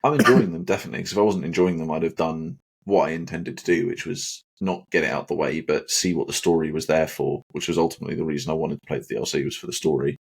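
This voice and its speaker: A man's voice: a bass voice, steady tone, fast talker, gravelly, few pauses, husky. A man co-hosting a casual gaming podcast, rambling with plenty of "like" and "sort of". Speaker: podcast co-host.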